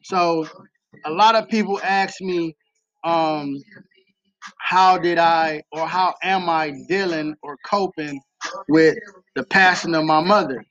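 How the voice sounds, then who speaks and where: Slow-talking high-voiced man, earnest. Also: fairly even intonation, fairly bright tone. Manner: earnest, repeats key phrases for emphasis. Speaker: podcast host. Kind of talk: faith-based personal talk. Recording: slightly dull lo-fi recording.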